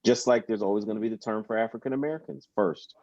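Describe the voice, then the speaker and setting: A man who is a guest on a casual podcast, making a calm, deliberate point. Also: on the low side, dry recording, dull audio.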